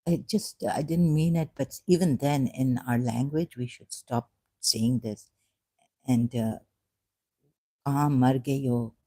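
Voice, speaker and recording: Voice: mid-range voice, fairly even intonation, a little slow, warm tone. A native Urdu speaker talking through religious questions in a casual, hesitant monologue full of fillers and restarts. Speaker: ex-Muslim vlogger.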